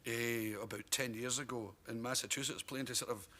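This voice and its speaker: A man's voice: mid-range voice, fairly even intonation, a little fast, bright, forceful tone. A Scottish man telling comic stories as a talk show guest, laughing often and mimicking the people in his tales. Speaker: comedian guest. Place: television studio with audience. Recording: noisy 1981 broadcast recording.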